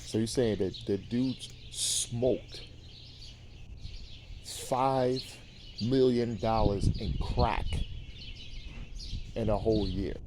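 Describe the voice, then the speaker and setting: A man's voice: on the low side, very slow, pauses often, noisy background. A man hosting a show, casually recapping a series in a rambling, profane way with lots of ums and repeated words.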